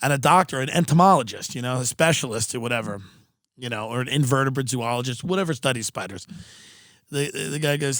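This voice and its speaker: A man's voice: medium pitch, no room sound, clean studio sound. A man hosting a podcast, telling a funny story with sardonic asides. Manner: sardonic, animated anecdote-telling with quick asides. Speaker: podcast host.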